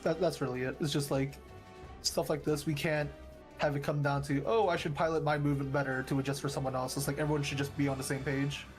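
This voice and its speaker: Man on voice chat, fairly high voice, calm hedging tactics talk. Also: quick pace, soft background music. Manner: hedging, full of "like", explains calmly. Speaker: raid teammate on voice chat. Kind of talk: casual strategy talk over voice chat.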